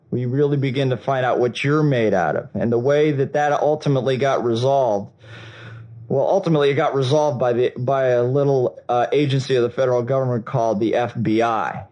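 A man giving a storytelling talk at a seminar, animated and acting out the dialogue, with frequent restarts. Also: medium pitch, rough recording. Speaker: seminar speaker.

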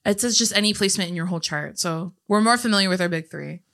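A young woman co-hosting a podcast, chatting casually and reading out listener questions. Her pitch is slightly low, with a bright, tense tone. She talks in an open, affectionate way. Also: fast talker. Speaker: podcast co-host. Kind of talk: casual chat.

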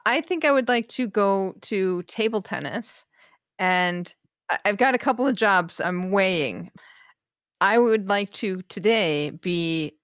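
A woman's voice: fairly low pitch, fairly bright tone, no room sound, studio quality. A woman co-hosting a podcast, chatting casually and laughing easily with her co-host. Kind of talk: casual chat.

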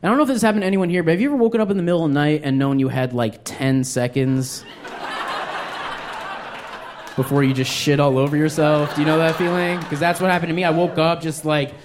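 A man performing stand-up on a club stage, his voice sitting a bit high for a man. He rambles through a self-mocking story full of filler words. Faint room ambience and audience laughter sit under the handheld mic. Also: fast talker, few pauses, background noise. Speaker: stand-up comedian. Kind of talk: stand-up comedy set.

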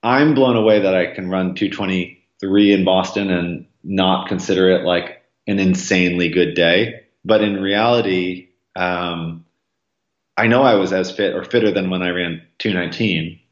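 A man talking as a podcast guest, rambling casually with lots of ums and likes, acting out quoted voices. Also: moderate pace. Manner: acts out quoted voices with jumps in pitch. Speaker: podcast guest, marathon runner. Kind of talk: casual interview conversation. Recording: roomy, slightly dull sound.

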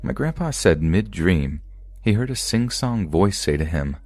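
Super deep guy calmly reading creepy stories, dry close sound. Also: unhurried, few pauses, no room sound, soft background music. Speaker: podcast narrator. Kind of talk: scripted narration of scary stories.

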